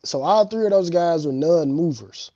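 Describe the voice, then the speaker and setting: A man co-hosting a sports talk show, laying out his case in a measured, analytical way. His voice is mellow and a bit high. The sound is dry, slightly dull and lo-fi. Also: animated, no echo. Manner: measured, analytical, pauses to recall names. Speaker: show co-host. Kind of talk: sports debate.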